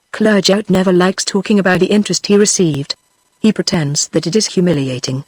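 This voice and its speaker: A text-to-speech woman's voice with a British English accent, reading a novel aloud in an even, machine-paced way. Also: lowish voice, a little fast, slightly rough, no echo. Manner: even, machine-read pacing. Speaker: audiobook reader. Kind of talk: synthetic audiobook narration.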